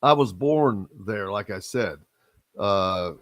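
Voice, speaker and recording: A man, hosting a casual sports radio talk show with drawn-out, emphatic, opinionated delivery. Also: lowish voice, animated, fairly bright tone, no room sound. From Southern Indiana.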